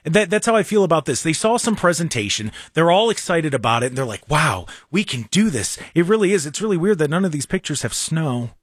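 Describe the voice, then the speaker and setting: Ranting talk radio host, dry studio sound. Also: male voice, a little high, fast, few pauses, dry recording. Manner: animated, exasperated ranting with frequent restarts.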